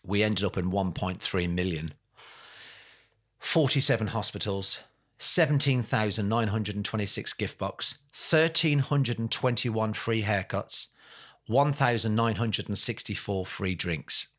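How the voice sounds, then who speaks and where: A man's voice: on the low side, measured pace, fairly bright tone. Passionate, blunt man telling stories. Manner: passionate, rising to angry emphasis, blunt with swearing; speaks in lists and repeated phrases, says mate often. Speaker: podcast guest. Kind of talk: candid interview storytelling.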